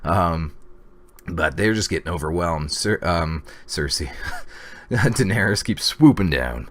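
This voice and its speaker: A man casually recapping a TV episode, rambling with fillers and excited reactions. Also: deep voice, slow pace. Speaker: TV episode reviewer. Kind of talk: casual video review.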